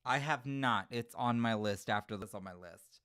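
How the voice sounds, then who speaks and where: A man hosting a casual livestream, answering chat comments in an animated, giggly way. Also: mid-range voice, normal speed, clean tone. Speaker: livestream host reading chat.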